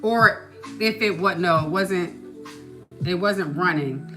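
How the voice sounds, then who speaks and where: A woman hosting a podcast, telling a story in a casual, animated way and asking "you know what I mean" often. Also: fairly low pitch, slow pace, faint music behind. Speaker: podcast host.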